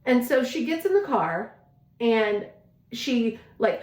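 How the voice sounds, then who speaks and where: A woman co-hosting a casual chat show, telling a long story in an animated, chatty way and often quoting herself. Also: fairly high pitch, takes it slowly. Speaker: podcast co-host. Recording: roomy echo.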